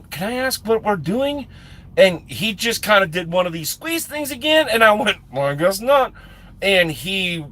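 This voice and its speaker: A man telling a long personal story on a live stream, excitable and often laughing, repeating and restarting his words and swearing casually. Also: high voice, husky.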